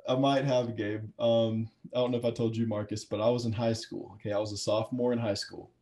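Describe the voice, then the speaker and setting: A man's voice: fairly low pitch, level tone, brisk, dark tone. Rambling young man hosting a podcast. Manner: rambling storyteller, laughs a lot. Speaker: podcast host. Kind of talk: casual chat.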